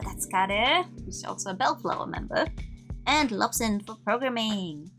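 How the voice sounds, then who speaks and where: A woman's voice: mid-range voice, animated, fairly bright tone. Playful woman streamer, casual game commentary; faint music in the background. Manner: playful, quick reactions with laughter.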